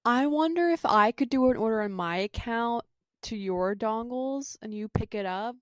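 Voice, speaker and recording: A woman co-hosting a casual podcast, chatting in a relaxed way and asking curious questions. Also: a little high, normal speed, no room sound, studio quality. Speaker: podcast co-host.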